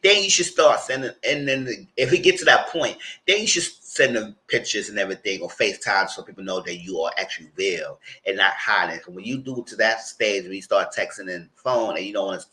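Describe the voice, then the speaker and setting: A man with a New York accent giving a casual, animated recap of a TV episode and acting out what people said. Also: lowish voice, a little fast, hardly any pauses, poor audio. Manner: animated storyteller, acts out quotes. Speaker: TV show reviewer.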